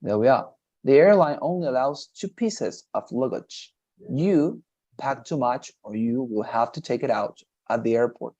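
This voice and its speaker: A man's voice: mid-range voice, lively intonation, normal speed, warm tone, muffled recording. A man teaching English in a one-on-one lesson, encouraging and patient, often repeating praise.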